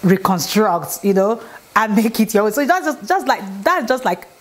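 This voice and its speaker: Woman, casual vlog advice, mid pitch, repetitive, emphatic. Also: big pitch swings, moderate pace. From Nigeria. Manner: chatty, repetitive, emphatic, asks "okay?". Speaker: vlogger. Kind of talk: casual relationship advice talk. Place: home, indoors.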